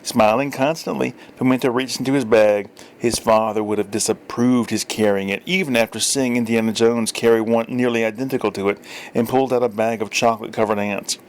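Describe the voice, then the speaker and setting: A man narrating a storybook in a dry, wry tone at a middle pitch, now and then stumbling and correcting a word. A faint hum of ambience sits under his voice. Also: steady tone, a little fast. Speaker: story reader. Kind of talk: audiobook narration.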